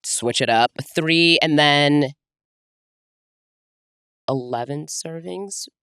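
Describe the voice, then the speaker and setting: A woman's voice: deep voice, drawn-out words, a bit bright, smooth, dry recording, studio quality. A woman guesting on a casual podcast, playful and swearing freely as she chats.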